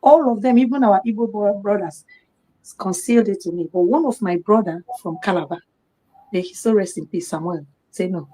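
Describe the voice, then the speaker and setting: A middle-aged woman with a Nigerian accent and a medium-pitched voice talks a little fast as a guest on a live talk program. She tells a personal story in an animated way, acting out the voices of the people she quotes.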